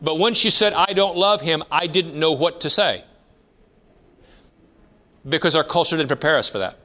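Bright-voiced preaching man in his fifties. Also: on the high side, normal speed. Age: 50s. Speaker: pastor. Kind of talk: sermon.

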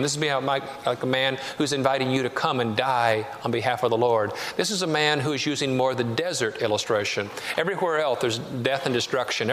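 A man's voice: medium pitch, fairly bright tone. A male pastor preaching a sermon, telling a story and building to emphatic passages. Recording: long reverb in a large hall, faint noise.

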